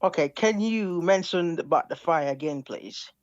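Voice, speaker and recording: Caller, man with a raised voice, halting and cautious, muffled dry call audio. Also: a little high, no echo. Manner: hesitant, halting, asks for calm. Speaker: caller in a debate. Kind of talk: live debate call. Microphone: online call.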